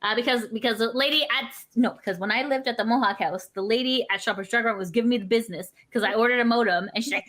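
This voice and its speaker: A woman's voice: a little high, fast talker, hardly any pauses. A woman co-hosting a podcast, telling rambling, profane stories in casual chat. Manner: rambling, profane, animated storytelling. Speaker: podcast co-host.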